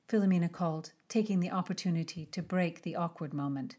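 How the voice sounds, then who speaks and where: Low-voiced woman narrating an audiobook. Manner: measured, expressive storytelling. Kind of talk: scripted narration of a historical romance.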